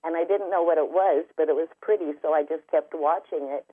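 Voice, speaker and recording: A woman's voice: deep voice, fairly quick. A woman, a spiritual healer and author, telling her story as a guest in an interview, vivid and detailed. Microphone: telephone. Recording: tinny phone line.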